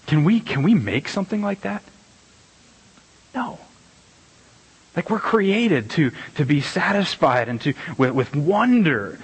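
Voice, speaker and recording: A middle-aged man preaching a casual, conversational sermon as pastor, animated and rambling, with many restarts and repeated words. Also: fairly high pitch, unhurried, long pauses, slightly rough, rough recording. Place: church sanctuary.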